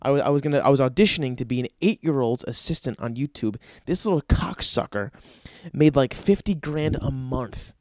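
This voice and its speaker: Quick and a bit dark in tone, this young man's mid-range voice carries a podcast packed with crude stories and profane rants. The recording is dry.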